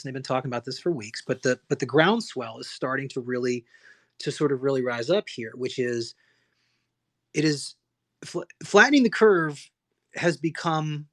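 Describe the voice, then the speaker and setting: A man from the United States riffs heatedly on his own livestream. His voice sits a little high for a man. He keeps stumbling over restarts and firing off rhetorical questions. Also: fairly bright tone. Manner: impassioned, rambling, frequent restarts and rhetorical questions. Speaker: livestream host. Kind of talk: solo livestream rant.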